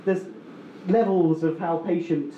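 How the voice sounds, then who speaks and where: A man's voice: a little high, fairly even intonation, measured pace, echoey room, muffled recording, background noise. A man telling a story on stage at a story slam, rambling and self-mocking with many restarts. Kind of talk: live storytelling.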